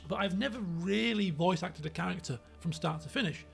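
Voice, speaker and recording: A man's voice: high voice, brisk, vocal fry, faint music behind. A man with a Yorkshire accent, chatting casually on his stream, rambling with many fillers and restarts. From Yorkshire, England. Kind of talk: casual chat.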